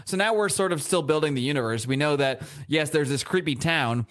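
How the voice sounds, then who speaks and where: A man's voice: on the high side, fairly quick, a bit bright. A man co-hosting a live podcast, casually recapping a comic book scene by scene with many restarts and lines of dialogue read aloud. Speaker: podcast co-host. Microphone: podcast mic, live show.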